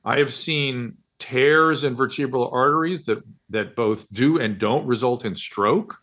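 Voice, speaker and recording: A middle-aged man, a doctor co-hosting a podcast, explaining medical matters in a measured, clinical way. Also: medium pitch, a bit bright. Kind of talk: explanatory casual chat.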